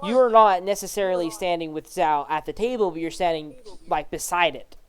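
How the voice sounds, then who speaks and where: A game master narrating a tabletop role-playing session. The voice is smooth and clear at a middle pitch, and the delivery is casual and full of fillers. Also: fairly quick, rough recording. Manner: casual, many fillers and restarts while describing scenes.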